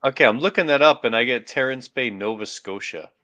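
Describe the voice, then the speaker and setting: A man's voice: medium pitch, fairly quick, bright, forceful tone, dull audio. A man in casual podcast chat, cutting in with short follow-up questions.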